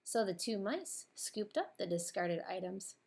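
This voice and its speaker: A woman narrating a children's storybook in a clear, expressive read-aloud manner. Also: mid-range voice, a little slow.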